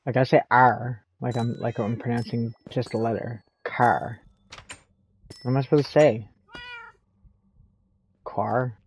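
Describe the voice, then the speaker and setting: A man's voice: medium pitch, steady tone, a little fast, few pauses, a little hiss or hum, low-quality recording. A man with a Canadian accent, chatting in a rambling, casual way while streaming a game and laughing often. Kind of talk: casual chat while gaming.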